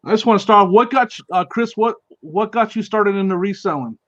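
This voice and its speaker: Upbeat high-voiced male live-stream host. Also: fairly quick, fairly bright tone, no echo, muffled recording. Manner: upbeat, greets chat viewers by name, laughs often. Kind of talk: casual live-stream chat.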